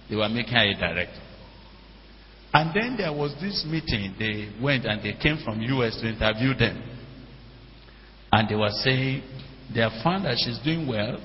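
Pastor preaching in a reverberant hall. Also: male voice, medium pitch, slight background noise. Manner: preaching with questions to the congregation. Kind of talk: sermon. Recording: dull lo-fi church hall with long reverb.

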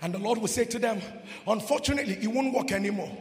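A man preaches charismatically at a quick pace in a high-pitched voice, shouting with a sing-song rhythm. He leads repeated calls with the congregation, speaks in tongues, and says "uh" often between phrases.

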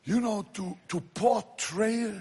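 A man preaching an evangelistic sermon, shouting at the high points and dropping low to tell stories. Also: slow pace, breathy edge. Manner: impassioned, shouting at climaxes, then dropping to quiet storytelling.

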